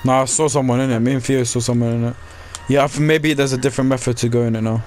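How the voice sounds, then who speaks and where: Young British male gamer, excitable team coach, fuzzy noisy chat mic. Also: mid-range voice, rapid-fire. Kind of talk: casual gaming chat.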